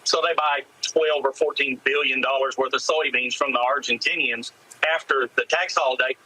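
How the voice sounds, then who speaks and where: A man's voice: mid-range voice, steady tone, normal speed, sharp tone, breathy edge, poor audio. A man speaking as a farmer in a news clip, frustrated and explaining figures in detail.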